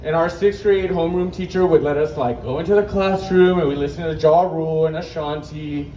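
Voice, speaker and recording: A man's voice: fairly high pitch, fairly quick, mellow. A young man telling brash, profane stand-up stories at an open mic, out of breath at times. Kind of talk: stand-up storytelling. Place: open mic stage at an outdoor market. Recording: distant echoey outdoor market recording with faint noise.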